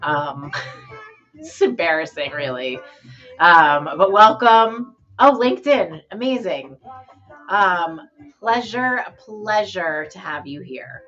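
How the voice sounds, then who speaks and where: A woman's voice: lowish voice, expressive, slow pace, a bit bright. Bubbly woman chatting on a live stream. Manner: chatty, bubbly, greets viewers by name. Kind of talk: casual live-stream chat. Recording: dull lo-fi sound with faint music.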